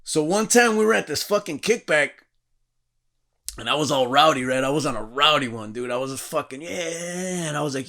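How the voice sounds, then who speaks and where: A man's voice: a little high, lively intonation, moderate pace, bright, forceful tone. A man in his thirties, a podcast host, telling profane, rowdy stories in casual chat and acting out the quotes.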